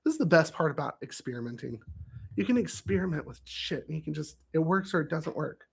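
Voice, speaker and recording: A man hosting his own vlog, chatting casually on camera into a studio microphone on a stand, jokey and self-amused, with sudden loud exclamations. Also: a little high, animated, fairly quick, vocal fry, breathy edge. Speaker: show host.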